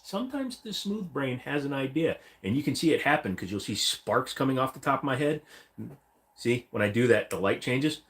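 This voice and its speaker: A livestream host talks at a moderate pace in a mid-range, sing-song, slightly bright voice. Seated against a wall in his room at home, he reads out viewer comments and rambles casually, cracking jokes and doing silly voices.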